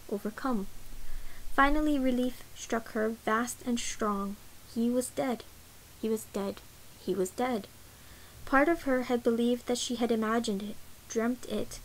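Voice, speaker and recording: A woman reads a novel aloud in a measured, quiet way. Her voice sits a little high and even, unhurried from line to line. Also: slight background noise, poor audio. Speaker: audiobook reader.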